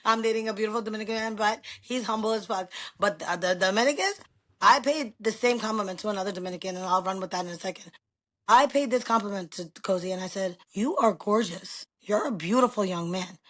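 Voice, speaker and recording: A middle-aged woman from New York with a New York accent, a loud and animated guest telling stories in a casual chat. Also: mid-range voice, fast.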